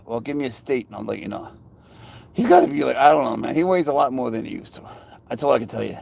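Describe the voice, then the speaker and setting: This pet owner's voice sits at medium pitch with lively intonation, a fast pace, vocal fry and a darkish tone. He's live-streaming from his phone outside, walking by a parked car, chatting loosely and sweet-talking his cat forward in baby talk.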